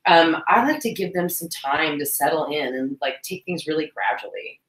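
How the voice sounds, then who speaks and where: A woman's voice: low voice, moderate pace, fairly bright tone. A woman co-hosting a casual live-stream chat while cleaning tack, giggly and saying "y'all", stuffy from blowing her nose. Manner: chatty, giggly, says "y'all". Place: indoors at home cleaning tack. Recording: echoey room.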